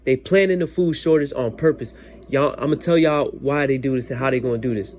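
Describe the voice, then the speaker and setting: Man, casual vlogger storytelling, emphatic, keeps repeating lines and talking straight to the viewers, mid pitch. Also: a little fast, darkish tone, slight background noise. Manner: emphatic and repetitive, often addresses listeners directly. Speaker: vlogger telling a dream.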